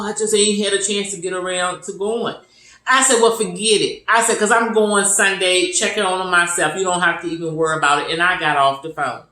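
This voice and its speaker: In a casual faith testimony, a woman with a medium-pitched, pushed, bright voice acts out the conversations she had, repeating herself earnestly. The recording is reverberant and low in quality.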